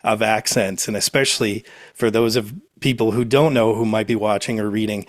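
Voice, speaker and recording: A man from Canada interviewing a guest, asking enthusiastic, halting questions. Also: on the low side, fairly even intonation, no echo, studio quality.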